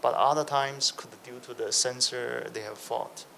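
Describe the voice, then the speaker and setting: A man's voice: mid-range voice, steady tone, normal speed, vocal fry, sharp tone, slight background noise, poor audio. A man on an industry panel giving an earnest answer in plain phrasing.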